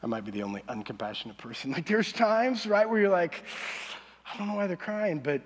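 Male pastor, fairly high voice, lively casual sermon delivery, long church reverb. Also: brisk. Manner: animated, conversational, acts out quoted voices.

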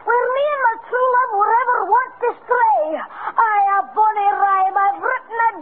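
A high eager Scottish boy poet, tinny hissy old radio. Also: moderate pace. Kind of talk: 1930s radio comedy acting.

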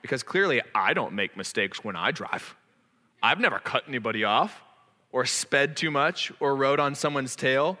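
A man's voice: medium pitch, expressive, moderate pace, sharp tone. A man in his thirties preaching a sermon as a pastor, earnest, candid and self-deprecating. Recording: long echoing reverb of a large hall.

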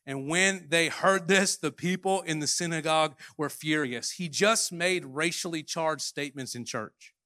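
A man preaching a sermon as pastor, animated, swinging between loud declarations and hushed asides. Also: a little high, normal speed, hardly any pauses, dry recording, studio quality. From Canada. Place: church hall.

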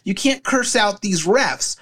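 A man's voice: sits high, animated, slow pace, fairly bright tone, pitched above the performer's own voice, heavily acted. A man doing an exasperated scolding official. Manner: incredulous, scolding. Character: exasperated male game official scolding a parent.

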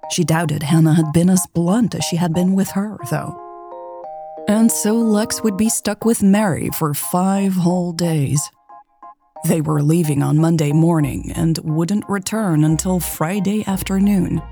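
A woman narrating a romance story in a calm, even audiobook style. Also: fairly low pitch, unhurried, gravelly, faint music behind.

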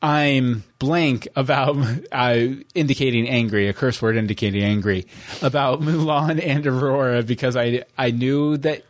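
A man's voice: mid-range voice, moderate pace. Male podcast co-host, casual and jokey, stumbles through listener mail. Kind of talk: casual fan podcast chat.

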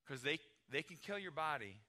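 Bright-voiced conversational male pastor. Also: fairly high pitch, big pitch swings, normal speed. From United States. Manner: conversational, emphatic, acts out little dialogues. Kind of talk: sermon.

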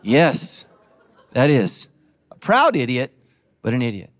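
A man's voice: medium pitch, huge pitch swings, slow, fairly bright tone, voice pushed down, exaggerated voice. A man voicing God as a dry, sarcastic male figure teasing a foolish person during a sermon. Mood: dry mockery. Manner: dry mock-sincere teasing.

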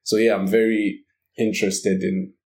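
Chill guy on a podcast, lowish voice, lots of likes and pauses. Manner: relaxed, hesitant, many fillers. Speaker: podcast guest. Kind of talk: casual chat.

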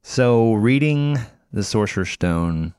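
A man co-hosting a casual book podcast, playful and quick to chuckle. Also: fairly low pitch, animated, darkish tone, clear, resonant tone, dry recording, clean studio sound. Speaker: podcast co-host.

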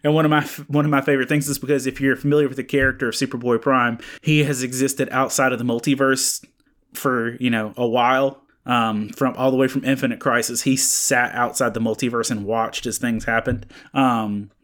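A man with a slightly raspy voice co-hosting a casual podcast, rambling with many fillers and restarts. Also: mid-range voice, flat delivery, a little fast, fairly bright tone. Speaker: podcast co-host. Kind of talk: casual comic book chat. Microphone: studio microphone.

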